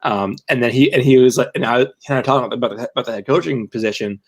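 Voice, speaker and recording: A young man chatting on a sports podcast with a middle-pitched voice. He rambles, restarting his sentences and filling gaps with "um" and "like" as he works toward his point. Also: fast talker. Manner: rambling, many restarts and fillers. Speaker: podcast co-host and team writer. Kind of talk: casual podcast chat.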